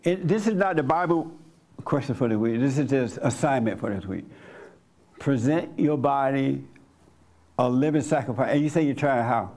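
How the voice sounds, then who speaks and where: A man's voice: medium pitch, normal speed, a little mellow. A man leading a church gathering, teaching in a blunt, colloquial way and putting questions to the congregation. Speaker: pastor.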